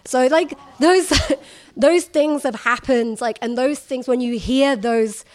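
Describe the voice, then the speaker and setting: A young woman journalist talking candidly in an interview, animated and quick to laugh, acting out remarks she has heard. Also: high-pitched. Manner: animated, laughs often, acts out quoted remarks. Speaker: journalist guest.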